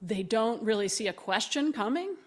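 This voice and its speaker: A woman telling a story in conversation, animated, acting out the voices of the people she quotes and laughing often. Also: fairly high pitch, moderate pace. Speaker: speaker.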